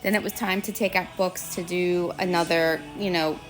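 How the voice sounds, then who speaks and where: A woman retelling a story about her child's school day in a casual, rambling way, full of fillers and quick turns into quoted voices. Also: on the low side, steady tone, soft background music. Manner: chatty, rambling retelling full of "you know" and "like"; slips into quoted voices for others. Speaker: parent telling a school story.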